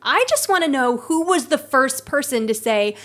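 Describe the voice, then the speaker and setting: A woman's voice: high voice, expressive, normal speed, fairly bright tone. A woman co-hosting a casual chat, reading out questions in a chatty, teasing way.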